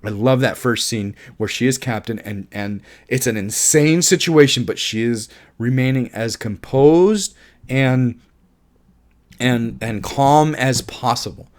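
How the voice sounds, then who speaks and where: Excitable man swearing through a film review. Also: medium pitch, unhurried. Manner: enthusiastic, swearing, laughs at own jokes; rambling with frequent restarts. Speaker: movie reviewer.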